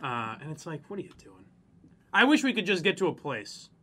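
A man's voice: a little high, big pitch swings, fairly quick, a bit bright, breathy edge. A man co-hosting a casual chat, ranting with plenty of profanity and mocking people in exaggerated voices. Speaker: podcast co-host.

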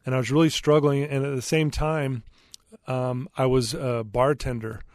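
Man guest, earnest storyteller, candid, mid-pitched, dry mic. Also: fairly even intonation, normal speed, darkish tone, dry recording. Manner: earnest, candid, with frequent fillers. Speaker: podcast guest. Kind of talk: personal storytelling.

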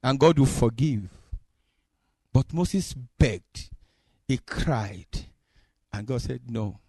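A man preaching a sermon, acting out dialogue with God in an expressive way. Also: medium pitch, very slow, breathy edge, dry recording.

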